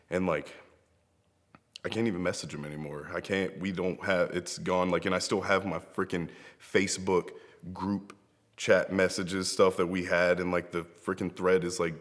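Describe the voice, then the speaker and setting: Deep-voiced grieving young man, echoing room. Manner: heartfelt, rambling storytelling with frequent laughs. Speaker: professional wrestler. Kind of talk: spoken tribute to a late friend. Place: seated in front of a camera, indoors. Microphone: camera mic.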